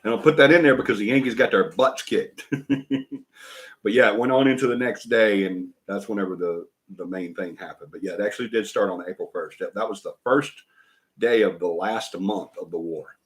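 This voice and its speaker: A rambling older man with a drawl, talking casually to viewers on a home live stream. His voice sits a little low, and he chuckles often as he wanders between topics. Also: a little fast. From Alabama. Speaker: paranormal show host. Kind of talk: casual livestream chat.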